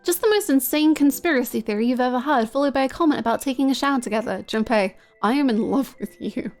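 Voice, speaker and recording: Faint music plays behind a fast-talking woman whose high voice is a little mellow. Streaming games live, she chats casually with her audience, gushing enthusiastically and cursing without restraint.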